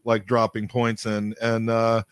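A man's voice: lowish voice, monotone, measured pace, clean tone, no echo. A man hosting a casual podcast chat, talking in a friendly, hesitant way with many fillers. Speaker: podcast host.

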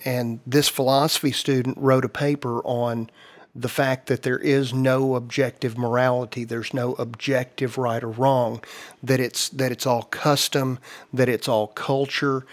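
Male host, mid-pitched, earnest explainer, casual discussion. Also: level tone, measured pace.

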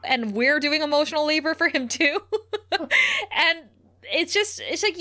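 Woman podcast cohost, higher-pitched, animated and profane casual recap. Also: a little slow. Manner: animated, swears freely, acts out quotes. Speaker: podcast co-host.

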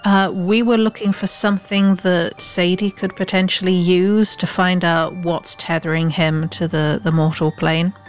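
A woman with a fairly low voice talks through ideas in a casual tabletop game session. Her manner is thoughtful and planning, with faint music behind. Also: little pitch movement, unhurried, hardly any pauses. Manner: thoughtful, suggests plans. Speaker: player.

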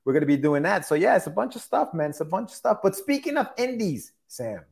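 A man's voice: high voice, very animated, quick pace, gravelly, darkish tone, husky. A man co-hosting a podcast, talking in a laid-back, joking way. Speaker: podcast co-host. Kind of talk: casual chat.

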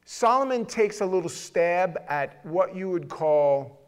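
Conversational preacher, a man with a slightly high voice. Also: expressive, a little slow, clean tone. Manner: conversational, emphatic, with sudden drops to quiet asides. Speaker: pastor. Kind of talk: sermon.

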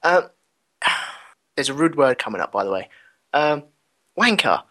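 Man, animated pitch, teasing casual co-host. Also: measured pace. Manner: teasing, incredulous, jokey. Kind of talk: casual chat.

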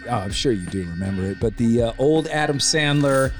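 A man's voice: medium pitch, lively intonation, brisk, faint music behind. A man in his forties hosting a casual podcast, joking and reminiscing in a loose, slightly tipsy way. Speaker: podcast host.

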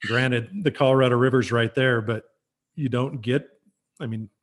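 A man's voice: mid-range voice, fairly even intonation, normal speed. A man from Arizona adding casual asides in a chat among anglers. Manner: chiming in with asides.

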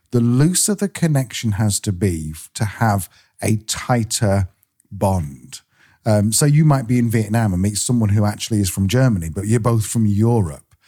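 Co-host: English man, low voice with lively swings, rambling conversational delivery. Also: husky. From England. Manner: rambling, thinks aloud. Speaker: podcast co-host. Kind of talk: casual chat.

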